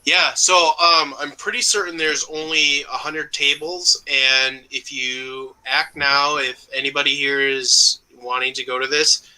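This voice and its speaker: Slow, bright-voiced man in casual chat. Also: a little high, fairly even intonation, low-quality recording. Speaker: podcast co-host.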